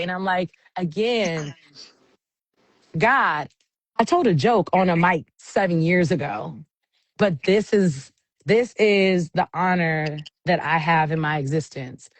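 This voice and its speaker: A woman's voice: lowish voice, a little slow, no room sound. A woman who works as an event MC, casually telling stories in an interview and acting out the voices of people she quotes. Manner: animated storyteller, acts out quotes. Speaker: event MC, guest.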